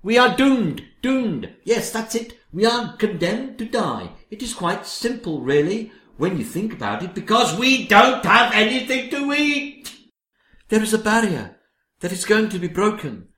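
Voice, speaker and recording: A gloomy male soothsayer, acted by a man in a comic radio play, declaring doom in slow, theatrical phrases. His pitch swings widely, and the recording has a roomy echo. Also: big pitch swings, sharp tone, heavily acted. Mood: doom-laden. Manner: slow, dramatic, with theatrical pronouncements.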